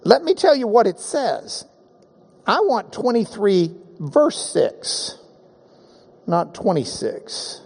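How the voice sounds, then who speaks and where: Animated, high-voiced male preacher. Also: slow pace, creaky, husky. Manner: emphatic, engages the audience with questions and call-and-response. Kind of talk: sermon.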